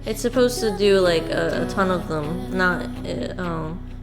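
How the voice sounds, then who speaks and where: A woman streamer casually chatting through a game, sarcastic and quick to swear. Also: on the low side. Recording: music playing loudly behind.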